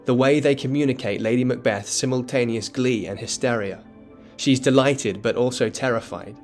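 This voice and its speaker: A man giving scripted educational narration that explains a play, in a measured, dramatic storytelling tone. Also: medium pitch, faint music behind. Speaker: literature explainer.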